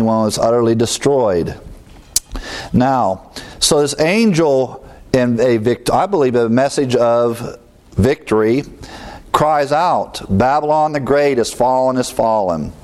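A man preaching an expository sermon, talking to the congregation in a conversational way and swelling louder on key words. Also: medium pitch. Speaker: pastor.

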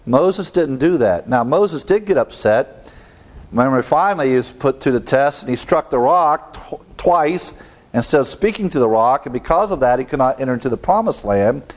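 A male preacher giving a verse-by-verse Bible teaching, reading passages aloud quickly and asking the listeners rhetorical questions in a conversational way. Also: fairly high pitch, animated. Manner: reads scripture aloud quickly.

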